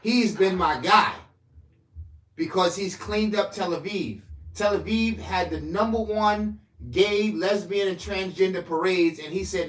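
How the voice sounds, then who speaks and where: A man delivering a profane ranting political monologue to camera, swinging between loud outbursts and low mutters. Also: a little slow, roomy sound. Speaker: political commentator.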